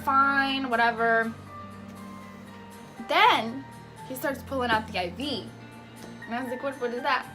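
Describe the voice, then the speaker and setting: A young woman telling a personal story in a casual vlog, acting out the voices of the people in it, laughing often and dropping to a hush at tense moments. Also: high voice, unhurried, long pauses, faint music behind. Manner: animated, acts out the voices in her story. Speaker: patient telling her surgery story.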